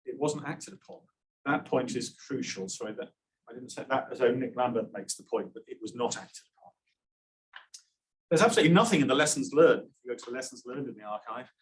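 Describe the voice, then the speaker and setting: A man's voice: medium pitch, expressive, brisk, rough recording. A man giving an academic lecture, with wry asides and frequent "um" restarts. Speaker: conference presenter.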